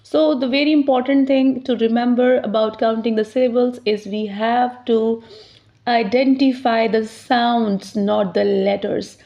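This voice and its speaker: Slow, patient woman teaching pronunciation. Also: a little high, steady tone, warm tone. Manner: slows down to sound out words clearly. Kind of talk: slow, deliberate teaching explanation. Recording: slightly dull, lo-fi sound.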